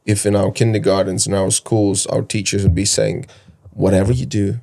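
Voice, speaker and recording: A man's voice: fairly low pitch, little pitch movement, normal speed, creaky, a little mellow. A man hosting a podcast in casual interview chat, loose and profane, with frequent restarts. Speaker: podcast host.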